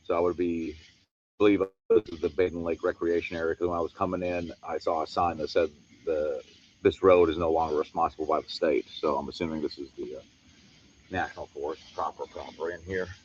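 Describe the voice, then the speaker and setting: A man hosting a paranormal livestream wanders a wooded camp by night, rambling casually and easygoing toward his viewers as crickets chirp. He speaks briskly in a deep, darkish voice with flat delivery, over dull audio with a little hiss or hum.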